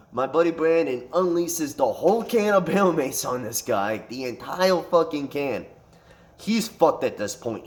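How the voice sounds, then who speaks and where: A man telling a fight story in a casual storytime monologue, swearing constantly and rambling with restarts. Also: mid-range voice. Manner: profane, animated retelling with frequent swearing.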